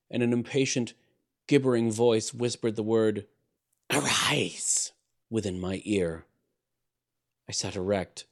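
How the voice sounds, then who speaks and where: Low-voiced man giving a theatrical gothic reading. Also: a little mellow. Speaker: narrator. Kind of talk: dramatic reading of a gothic story.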